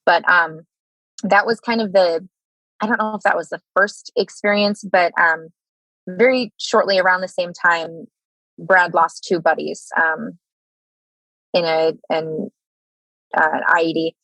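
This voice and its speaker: Low-voiced American woman, halting telling. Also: steady tone, bright, forceful tone, no echo, low-quality recording. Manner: halting, many fillers and restarts. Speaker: guest, Army veteran. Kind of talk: candid interview storytelling.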